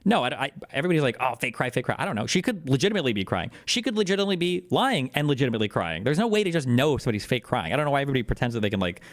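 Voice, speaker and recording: A man doing livestream commentary, rapid, rambling and incredulous as he reacts. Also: medium pitch, big pitch swings.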